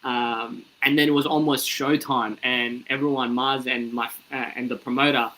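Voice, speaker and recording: Over a low-quality recording, a young Australian man who does comedy shares a story as an interview guest. His voice is mid-range and his pace moderate, and he animatedly mimics the people he quotes.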